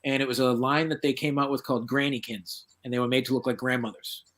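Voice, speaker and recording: A man's voice: mid-range voice, fast. A middle-aged man from the northeastern United States, a guest paranormal researcher telling stories casually and acting out the voices of the people he quotes. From southeastern Massachusetts, USA. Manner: lively, acts out quoted voices. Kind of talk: casual anecdotal storytelling.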